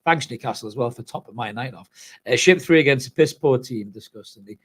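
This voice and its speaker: A man's voice: medium pitch, fairly quick, husky. A man hosting a live football reaction show, sounding tired and speaking bluntly and with lots of swearing while he reads viewers' comments. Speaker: football fan channel host. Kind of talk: live post-match reaction and reading comments.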